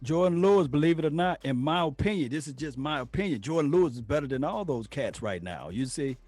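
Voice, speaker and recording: A man co-hosting a casual sports talk show, drawn-out, repeating himself and agreeing a lot. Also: a little high, animated, darkish tone, no echo, faint music behind.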